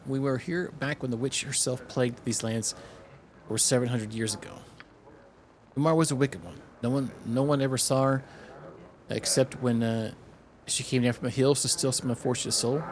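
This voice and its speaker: A man's voice: mid-range voice, a little hiss or hum, close to an everyday voice. A man voicing a pompous, boastful male innkeeper who tells tales in theatrical, old-fashioned speech while reading game dialogue aloud.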